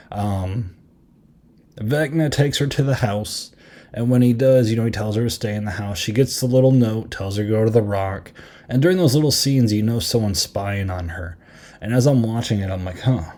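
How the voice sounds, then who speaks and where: A man with a lowish, mellow voice chats casually as a podcast host. He tells stories in a loose, rambling way, full of fillers, and pokes fun at himself. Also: normal speed. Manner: rambling, self-deprecating storytelling with fillers. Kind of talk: casual review chat.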